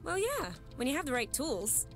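A woman's voice: high voice, big pitch swings, moderate pace, fairly bright tone, soft background music. An actress playing an easygoing, teasing young woman in a video game, a runaway living with her partner. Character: young woman on the run with her lover, upbeat.

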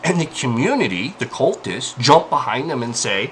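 A man's voice: mid-range voice, big pitch swings, moderate pace, hardly any pauses, very noisy. A man ranting about harassment in an exasperated, profane, pleading way, as an indie game developer. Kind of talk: angry personal rant.

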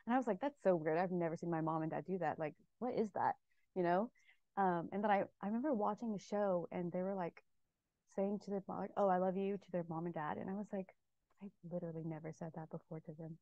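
Woman, lower voice, rambling personal share, muffled dry audio. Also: fast talker, mellow, dry recording. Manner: rambling, many fillers, emotional. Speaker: book club member. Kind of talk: casual sharing in a group discussion.

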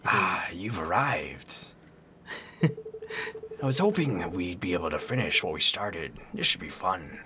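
A calm, gloating villain, voiced by a man reading game dialogue aloud. The voice sits well below his usual register, hushed and slow, each word stretched out. It has a quiet menace to it. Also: noisy background, exaggerated voice. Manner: low, hushed, drawn-out delivery.

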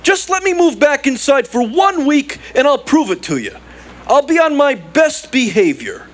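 A man voicing a needy, wisecracking furry male alien in a sitcom, whining and pleading with quick comebacks. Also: extremely high pitch, very animated, slight background noise. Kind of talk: 1980s sitcom acting. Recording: studio audience laughter track.

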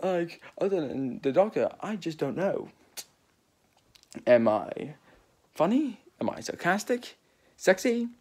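A man putting on a British accent to play an eccentric, excitable male alien time traveller in an amateur scene impression. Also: heavily acted. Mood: rambling. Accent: British, put on. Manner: excitable, rapid-fire, jumps between high and low.

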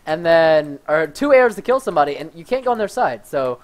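Excitable young man gaming. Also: a little high, quick pace. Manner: energetic, shouts and laughs during play. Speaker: gaming video host. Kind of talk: excited gameplay commentary.

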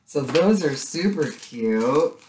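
A middle-aged woman with a low voice that swings widely up and down as she unboxes craft goodies. She gushes and coos over each item in a casual, excitable way. The room sounds echoey, with a faint hiss behind her. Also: slow. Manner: gushing, excitable, lots of gasps and "so cute". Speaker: craft vlogger unboxing a subscription box.

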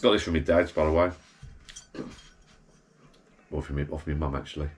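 Deep-voiced bloke rambling. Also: male voice, steady tone, moderate pace. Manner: chatty, meandering, blokey storytelling with self-corrections. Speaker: vlogger. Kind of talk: rambling anecdotal monologue to camera. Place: backyard garden bar shed.

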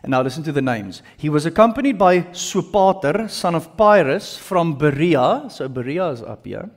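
A man's voice: on the high side, animated, moderate pace, big-room sound. A man preaching a sermon in a conversational way, full of joking asides. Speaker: pastor. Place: church.

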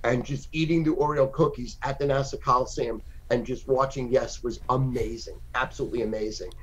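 A man in his sixties talking as a guest over a phone call, boisterous and profane, with sudden loud outbursts. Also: mid-range voice, fairly even intonation, a little fast. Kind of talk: casual podcast chat.

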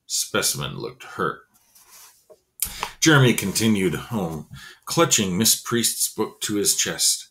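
A man's voice: low voice, very animated, slow pace, long pauses, fairly bright tone, slight background noise. A man reading a children's novel aloud expressively, adding casual asides. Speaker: reader.

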